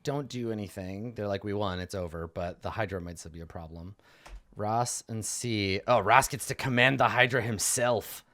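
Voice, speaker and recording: A man running a tabletop game as game master, narrating in a casual, animated way with many fillers. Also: on the low side, moderate pace.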